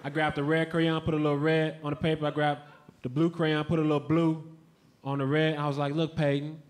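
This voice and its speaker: A man doing a stand-up comedy routine on a club stage, telling stories in a dry, deadpan way with sudden shouted punchlines. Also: on the high side, fairly quick. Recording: noisy live comedy club.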